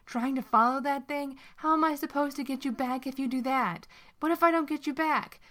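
A woman's voice: medium pitch, normal speed, darkish tone, lightly acted. A woman voicing a protective younger brother in a storybook reading, blunt and exasperated. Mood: furious.

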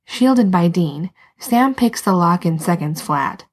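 A woman reading a story aloud as narrator, soft and unhurried, sometimes dropping to a whisper. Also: on the low side, animated, slightly rough. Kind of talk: scripted narration.

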